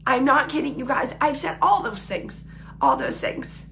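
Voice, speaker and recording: Woman, thirties, earnest, repeats herself for emphasis, gravelly. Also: sits high, huge pitch swings, unhurried, a bit bright, slight background noise. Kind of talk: casual live video talk to followers.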